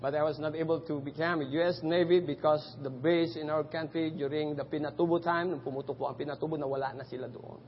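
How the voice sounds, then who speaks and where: A man's voice: fairly high pitch, fairly even intonation, quick pace, few pauses, a little hiss or hum. A man with a Filipino accent giving an earnest, emphatic testimony sermon as a missionary preacher. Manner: earnest and emphatic, rising to fervent peaks. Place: church sanctuary. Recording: echoey church hall, dull lo-fi audio.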